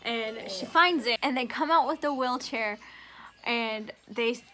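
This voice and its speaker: A woman's voice: fairly high pitch, a little slow, pushed and bright. A young woman vlogger telling a personal story in a chatty, giggly way, full of "like". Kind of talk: casual storytelling.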